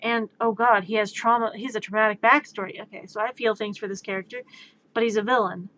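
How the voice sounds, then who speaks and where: A woman streamer in casual rambling chat, ranting in an animated, exasperated way. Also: mid-range voice, fast talker, dull audio, a little hiss or hum.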